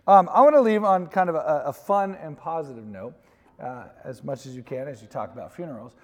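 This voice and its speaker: A man's voice: a little high, animated, fairly quick. A man, a pastor, telling candid personal stories to a congregation in a casual, laughing way and putting questions to his co-pastor. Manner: candid storytelling with laughs, asks co-host questions. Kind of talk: conversational sermon talk. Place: large church sanctuary. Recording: church hall reverb.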